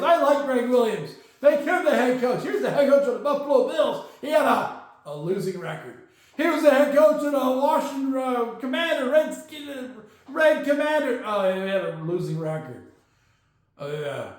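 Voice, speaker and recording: High-voiced ranting sports host, echoey. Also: male voice, animated, moderate pace. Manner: opinionated ranting, tags "okay?". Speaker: podcast host. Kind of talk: solo sports commentary. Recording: very echoey room.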